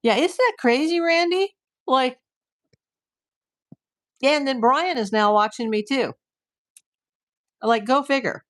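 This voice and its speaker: Chatty woman streamer with a higher voice. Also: takes it slowly, pauses often. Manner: chatty, rambling, lots of "like". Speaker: YouTube live streamer. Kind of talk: casual live-stream chat with viewers.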